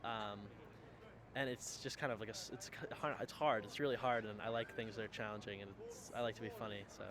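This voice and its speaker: A man answering interview questions about comedy, hesitant and halting, outdoors on a city street. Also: lowish voice, fairly even intonation, a crowd in the background. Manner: hesitant, many restarts. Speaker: aspiring comedian.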